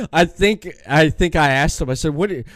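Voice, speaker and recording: A man's voice: fairly high pitch, unhurried, fairly bright tone, dry recording, clean studio sound. A man hosting a podcast, telling a rambling story in casual chat, acting out his own outbursts and laughing often. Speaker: podcast host.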